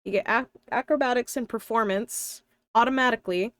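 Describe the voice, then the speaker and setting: A woman's voice: a little high, fairly quick, a bit bright, dry recording, studio quality. A young woman with a slight lisp, chatting casually on a live stream, thinking aloud and talking to her viewers. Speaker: live streamer and tabletop player.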